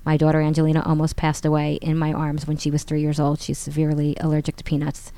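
A woman in her forties tells a story in an animated, casual way and acts out other people's lines. Her voice sits on the low side. The sound is close and dry. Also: fast talker, smooth, dry recording. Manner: animated, acts out quotes with rising pitch. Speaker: guest.

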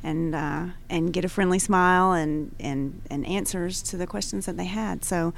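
A woman answering questions as a guest on a radio talk show in a studio, measured and halting with many fillers. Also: lowish voice, fairly even intonation, gravelly, slight background noise. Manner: measured, many ums and restarts. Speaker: radio guest, gun range owner.

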